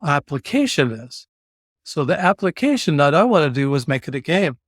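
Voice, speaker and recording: A middle-aged man, a podcast guest, telling a personal story in an animated way and slipping into quoted voices. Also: fairly high pitch, moderate pace, dry recording, clean studio sound. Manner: animated, slips into mock voices and quoted lines.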